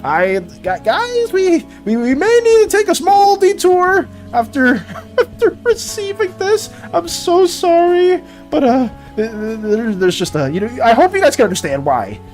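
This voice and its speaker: Stammering, excitable streamer with a lively voice. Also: sits high, measured pace, soft background music. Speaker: art streamer. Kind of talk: casual live-stream chat.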